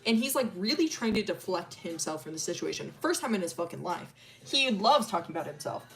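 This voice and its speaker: A woman's voice: on the low side, sing-song, brisk, soft background music. A young woman streamer casually retelling a story, rambling, swearing and full of fillers.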